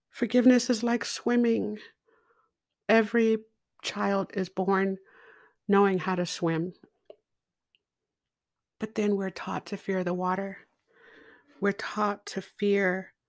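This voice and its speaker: Woman telling a story about her kid, slow and expressive, laughs here and there. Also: mid-range voice. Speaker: podcast guest speaker. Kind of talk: personal storytelling.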